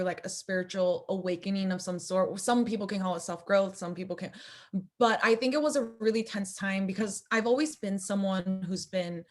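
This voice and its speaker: A young woman, a filmmaker appearing as a guest in a relaxed interview, talks in a chatty, lively way with quick asides. Her voice has turned squeaky after so much talking.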